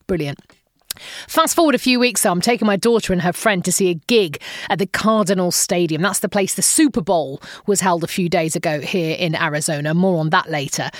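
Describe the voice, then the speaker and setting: A woman's voice: mid-range voice, lively intonation, a little fast, no room sound, studio quality. A middle-aged English woman from England, telling a playful, self-amused story in a chatty monologue. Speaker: vlogger.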